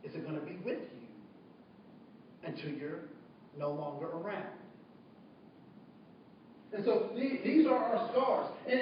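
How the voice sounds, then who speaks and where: A man giving a storytelling talk as a trainer, animated, asking the audience questions and acting out both sides of a conversation. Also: sits high, a little hiss or hum. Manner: animated, asks the audience questions, acts out dialogue. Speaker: diversity trainer. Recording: echoey room from far off, dull.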